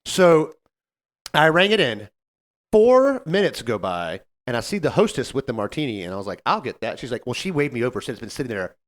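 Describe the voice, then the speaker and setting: A man co-hosting a podcast, telling a story about a difficult customer in a casual, animated way and acting out what people said. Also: mid-range voice, fairly quick. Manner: animated, acts out customer quotes. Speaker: podcast co-host, server.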